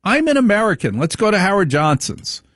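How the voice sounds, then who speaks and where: A man's voice: high-pitched, very animated, brisk, fairly bright tone, no room sound, studio quality, pitched above the performer's own voice, heavily acted. A man putting on the voice of his older grandmother, a stubborn, proud woman who insists on her refusals. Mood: insistent.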